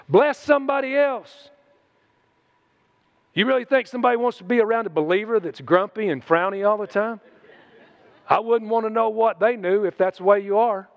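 High-voiced preacher, exhorting. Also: male voice, expressive, normal speed, muffled recording. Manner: exhorting, swings between loud shouts and hushed asides. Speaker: pastor. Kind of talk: sermon. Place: church sanctuary.

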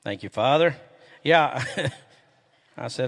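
A middle-aged man, a pastor preaching a sermon in a church and telling folksy stories, getting loud and animated when excited. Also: fairly high pitch, a little slow. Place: church sanctuary. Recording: echoey hall with long reverb.

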